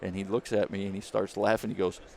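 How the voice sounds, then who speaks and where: Man, low gravelly voice, animated storyteller, faint background hiss. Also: fast talker. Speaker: jerky company founder, former caddie. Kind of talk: storytelling interview.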